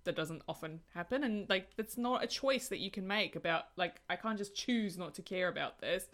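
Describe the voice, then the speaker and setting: A woman's voice: mid-range voice, normal speed, a bit bright. A woman with an Australian accent, co-hosting a casual book podcast, earnest and reflective. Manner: earnest, reflective, laughs easily. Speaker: podcast co-host.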